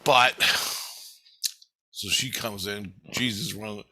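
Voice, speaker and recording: A man's voice: on the low side, steady tone, takes it slowly, pushed and bright, no echo, low-quality recording. A middle-aged man telling a rambling, profane, agitated monologue to camera. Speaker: vlogger.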